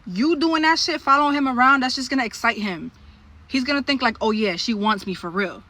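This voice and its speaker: A woman telling a story to camera in a blunt, profane, animated way. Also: fairly high pitch, fairly quick.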